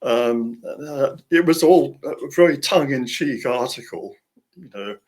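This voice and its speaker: A man's voice: medium pitch, expressive, unhurried, a little mellow. A man, an author and interview guest, telling a story casually, rambling with chuckles and frequent restarts.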